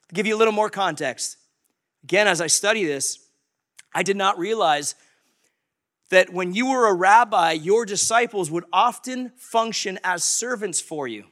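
Male pastor, sermon, high bright voice, acts out quotes, casual "like". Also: animated, normal speed.

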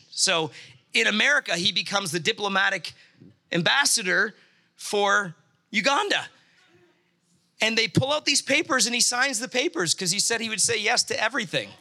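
A man preaching through a story, animated and acting out the voices of the people in it. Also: high voice. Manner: animated, acts out quoted voices. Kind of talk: storytelling sermon.

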